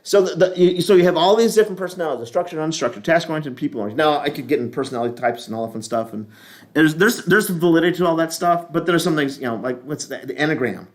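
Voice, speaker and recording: A man's voice: a little high, fast talker. A middle-aged man, a pastor, teaching a leadership class in a casual, rambling, joking way with many restarts.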